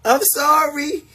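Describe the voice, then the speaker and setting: A man's voice: very high-pitched, pushed and bright, slight background noise. A man streaming live to his supporters in a casual, emphatic, confessional way. He repeats his points and laughs often between them. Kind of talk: casual livestream chat.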